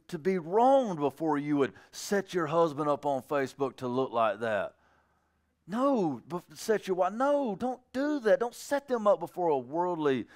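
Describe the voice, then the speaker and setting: A man delivering a sermon in a folksy, plainspoken manner, joking with his congregation. His voice is smooth and resonant, of average pitch. He moves between hushed, low phrases and loud, high-pitched bursts. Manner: animated preaching, swings from low and soft to loud and high. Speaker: pastor.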